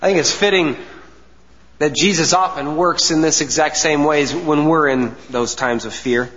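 A man preaching a sermon, with earnest emphasis, deliberate pauses and soft asides. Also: a little high. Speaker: pastor. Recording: dull sound with long hall reverb.

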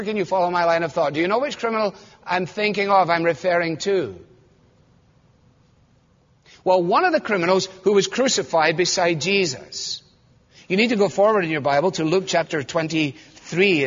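A man's voice: high voice, fairly bright tone, breathy edge. A man preaching a sermon, explaining scripture with rhetorical questions and rising to fervent emphasis. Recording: dull muffled sound in a reverberant hall.

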